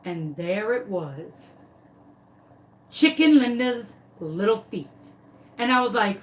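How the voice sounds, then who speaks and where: A woman tells a dramatic story while she demonstrates a craft. Her voice sits a little high and her pace is unhurried. She is recorded a bit away from the mic. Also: expressive, recorded from a distance, low-quality recording. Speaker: crafting vlogger.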